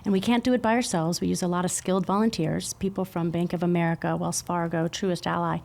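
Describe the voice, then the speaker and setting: A middle-aged woman who is a podcast guest, speaking in a warm, affirming way and explaining her points clearly in a podcast room. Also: lowish voice, steady tone, fast talker. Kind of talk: casual podcast conversation.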